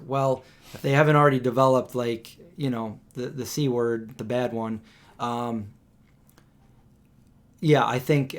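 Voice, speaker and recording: A man chatting on a live stream, his pitch sitting in an ordinary middle range. He tells stories animatedly, restarting sentences often and leaning on casual fillers. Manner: animated storyteller, acts out quotes with raised pitch.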